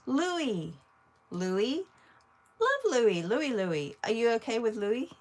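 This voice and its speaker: A woman's voice: fairly high pitch, very animated, slow, darkish tone, rough recording. A woman art teacher chatting casually with viewers while she draws, thinking aloud as she works. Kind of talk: casual livestream drawing demo.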